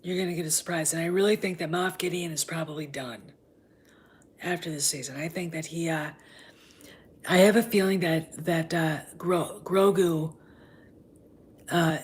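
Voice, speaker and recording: A woman's voice: low-pitched, unhurried, pauses often, slightly rough. A woman hosting a fan show in casual chat, rambling and often dropping into whispers.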